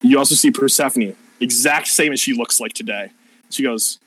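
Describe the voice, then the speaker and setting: A man's voice: mid-range voice, moderate pace, fairly bright tone, low-quality recording. A man narrating a tabletop game as game master, casual and profane, rambling with plenty of fillers.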